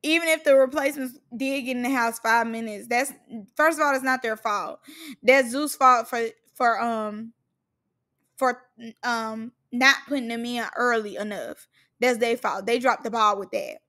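A woman's voice: a little high, moderate pace. A young woman giving a sassy, shady recap of a reality show, mocking the cast. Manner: sassy, shady, animated, mocks cast members in put-on voices.

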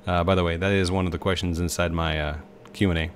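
Thirties male game host, very low voice, chatty and rambling, noisy mic with game sounds behind. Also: flat delivery, fast talker. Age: 30s. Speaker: let's play host. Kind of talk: casual gameplay commentary.

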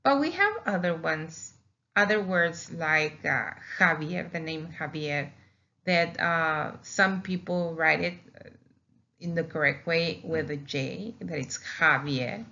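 A woman talks through a recorded language lesson at an unhurried pace, her voice sitting a little low. She repeats key words patiently to make them stick. The recording sounds dull and lo-fi. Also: pushed and bright. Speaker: Spanish teacher. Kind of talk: recorded slideshow lecture.

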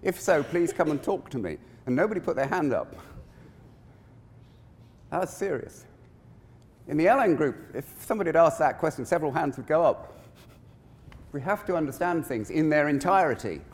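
A man giving a conference keynote in an animated, conversational way, with frequent digressions. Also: a little high, normal speed, long pauses. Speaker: keynote speaker. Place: large conference hall. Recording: long reverb of a conference hall.

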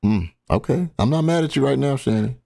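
A man's voice: medium pitch, animated, fairly quick, vocal fry, mellow. A man hosting a casual reaction stream, commenting bluntly and crudely on clips with joking asides.

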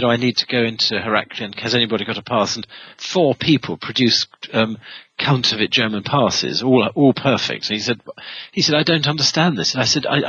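A man's voice: mid-range voice, sharp tone, husky, no echo, highs cut off. A man answers an interview question, telling a long story with frequent fillers and restarts. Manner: rambling, many restarts and fillers. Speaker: historian guest.

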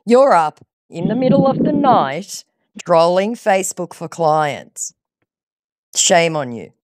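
A woman's voice: on the low side, animated, slow pace, darkish tone, no echo, studio quality. A woman baiting a scammer on a phone call, sarcastic and patronizing, scolding him. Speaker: scam baiter.

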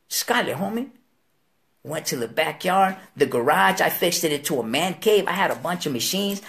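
Animated gravelly man telling a story. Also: high voice, a little fast. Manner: animated, profane street slang, acts out quoted voices. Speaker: guest. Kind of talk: storytelling interview.

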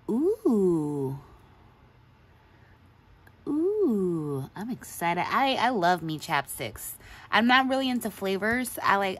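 A woman's voice: mid-range voice, fairly bright tone. Gushing chatty woman crafter. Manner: gushing, chatty, laughs often. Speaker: craft channel host. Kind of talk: casual show-and-tell chat.

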